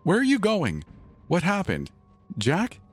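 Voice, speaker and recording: A man voicing a frantic, grieving young wife who pleads and sobs in a high, strained voice. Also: huge pitch swings, takes it slowly, husky, faint music behind, heavily acted. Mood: pleading. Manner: pleading, sobbing, high-pitched.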